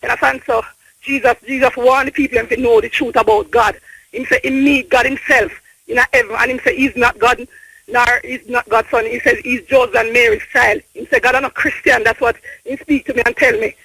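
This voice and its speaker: A woman with a Jamaican accent calling into a radio show, talking haltingly and repeating her words as she rambles. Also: fairly high pitch, steady tone, creaky, pushed and bright, slightly rough, no echo. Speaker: caller. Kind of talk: phone-in call. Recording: tinny phone line.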